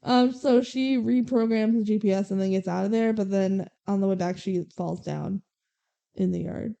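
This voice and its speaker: A woman's voice: medium pitch, steady tone, normal speed, creaky, dark tone, dull audio. A young woman co-hosting a podcast, casually recapping a movie scene by scene and quoting the characters, with lots of "like" and "um.". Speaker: podcast co-host.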